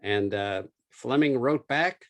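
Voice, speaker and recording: A man gives an illustrated talk about his own book, telling a lively story. He often pauses on small fillers while he talks. His voice is mid-pitched and is heard in a lecture room. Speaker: lecturer and author.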